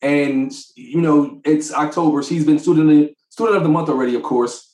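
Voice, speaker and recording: Animated, laughing father in an echoey room. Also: on the high side, moderate pace. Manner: animated storyteller, laughs often. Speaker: podcast co-host. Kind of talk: casual chat.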